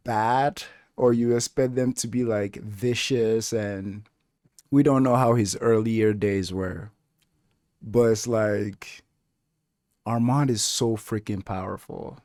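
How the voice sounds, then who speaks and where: A man's voice: on the low side, fairly even intonation, takes it slowly, a little mellow, no room sound, clean studio sound. A man giving casual reaction commentary on a TV show, rambling in a laid-back way with many filler words. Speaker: reaction video host.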